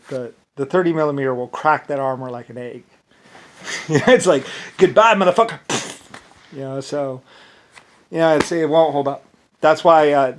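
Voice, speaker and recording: A man talking in a rambling, repetitive monologue, breaking into short laughs. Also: fairly high pitch. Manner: rambling and repetitive, stacking restarts.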